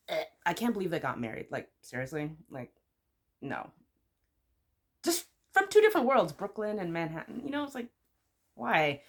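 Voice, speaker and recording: A woman vlogger in casual chat, giving chatty, opinionated ratings with lots of fillers and sudden high exclamations. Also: a bit bright. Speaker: YouTuber.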